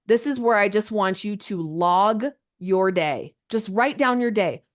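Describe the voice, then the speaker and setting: Woman, social media coach, video call, chatty, animated, pitch jumps when excited. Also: a little slow. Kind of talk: live online coaching session.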